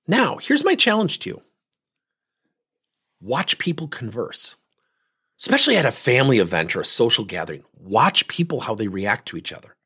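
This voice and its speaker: A man's voice: mid-range voice, a bit bright, slightly rough. A man hosting a coaching podcast, talking animatedly with rhetorical questions and acted-out quotes. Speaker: leadership coach and podcast host. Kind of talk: solo coaching talk.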